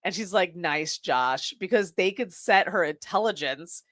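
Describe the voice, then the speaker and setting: A woman's voice: medium pitch, moderate pace, a bit bright, dry recording, studio quality. A woman co-hosting a podcast, retelling a movie plot in casual, profane chat and laughing often. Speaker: podcast co-host.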